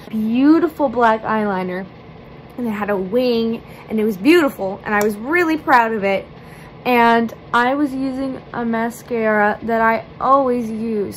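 A woman hosting her own makeup video, chatty and playful as she talks through each step. Her voice sits a little high, and faint background noise runs under it. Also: low-quality recording. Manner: bubbly and playful, chatty asides. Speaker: makeup vlogger.

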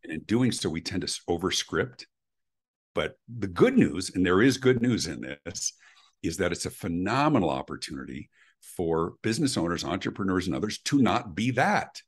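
A middle-aged man with a deep, husky voice answers interview questions with real intensity. His pitch swings widely as he drives home each point with emphatic energy. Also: lively intonation, moderate pace. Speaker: guest, customer experience speaker.

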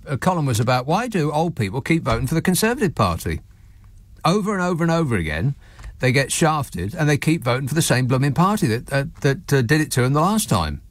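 A man hosting a late-night radio phone-in, delivering a sarcastic, mocking monologue with lively asides. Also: mid-range voice, dry recording. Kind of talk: sardonic talk radio monologue.

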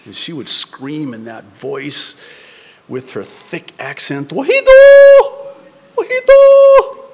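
A male pastor preaching a sermon to a congregation in a church, moving from loud, high-pitched exhortation down to soft whispers. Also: slow, creaky, long reverb tail, a little hiss or hum. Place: church before a live congregation.

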